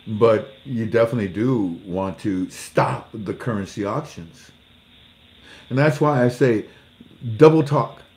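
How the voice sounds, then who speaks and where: A man's voice: lowish voice, a little slow, a little mellow. A man reading news articles aloud and mocking them with sarcastic jokes and acted-out exchanges. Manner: sarcastic, jokey, acts out little dialogues; laughs at his own jokes. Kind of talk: casual commentary.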